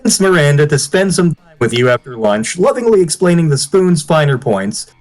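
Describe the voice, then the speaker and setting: Animated giggly game narrator. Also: medium pitch, a little fast. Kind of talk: reading game text aloud to friends.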